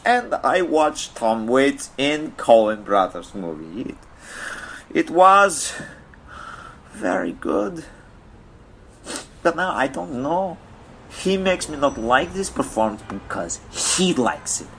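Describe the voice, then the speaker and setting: A man's voice: sing-song, slow pace, long pauses, a bit bright, slight background noise, heavily acted. A man voicing a distraught Russian man with a put-on Russian accent, ranting in broken English with a whiny, swooping voice. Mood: indignant. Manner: whiny, wildly swinging pitch, broken English. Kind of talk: comedic character monologue.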